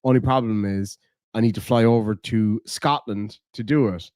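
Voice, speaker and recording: A man's voice: fairly low pitch, fairly even intonation, normal speed, darkish tone, no echo, studio quality. A man with an Irish accent chatting casually on a live stream, rambling, cursing and reading chat aloud. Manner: rambling, swears a lot, reads chat aloud.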